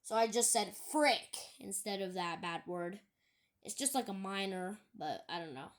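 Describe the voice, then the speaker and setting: A woman talking casually in a video, reading out online comments and scoffing at them in halting, rambling sentences. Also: mid-range voice. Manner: halting, rambling, with many restarts. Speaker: YouTuber.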